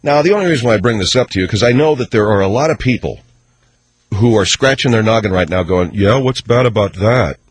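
A man hosting a call-in radio talk show, chatting in a sardonic, animated way. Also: fairly low pitch, fast, a little hiss or hum.

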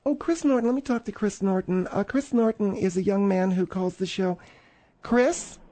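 A man with a high voice hosts a call-in radio show in a chatty, teasing way. He calls his callers dear and honey as he presses them with questions. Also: moderate pace, warm tone. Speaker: radio host. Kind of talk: comic call-in radio banter.

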